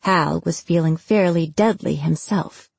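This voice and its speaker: Husky woman reading a storybook. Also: fairly low pitch, measured pace, darkish tone, dry recording. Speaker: audiobook narrator. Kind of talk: scripted narration.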